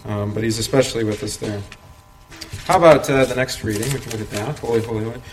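Man at mid pitch leading a casual Bible study, chuckles often, recorded in a roomy space. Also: quick pace. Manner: conversational, asks rhetorical questions, chuckles often. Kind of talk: informal Bible study teaching. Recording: roomy echo, faint background noise.

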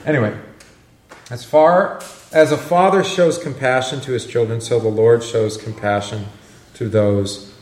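Male Bible teacher, casual and joking with his class. Mid-pitched voice, recorded in a roomy hall. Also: steady tone, a little slow. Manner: chatty, joking, asks the class questions. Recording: echoey room, faint noise.

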